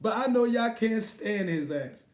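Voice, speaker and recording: A man's voice: high-pitched, animated, unhurried. A man hosting a casual boxing live stream, talking loosely, swearing and laughing often. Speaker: boxing livestream host. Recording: echoey room.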